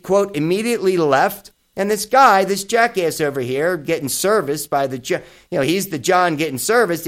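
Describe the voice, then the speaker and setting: Blunt, profane male podcast host. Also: on the high side. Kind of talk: casual opinion commentary.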